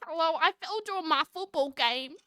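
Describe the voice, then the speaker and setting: A woman's voice: very high voice, moderate pace, pushed and bright, no room sound, clean studio sound, voice pushed up. A woman doing a nerdy young guy. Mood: eager. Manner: nerdy, eager. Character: nerdy young man, eager and chatty.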